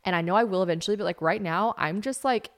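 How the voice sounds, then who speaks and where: A woman's voice: mid-range voice, fast talker. A young woman from South Carolina, chatting casually and animatedly as host of her solo podcast, swearing freely.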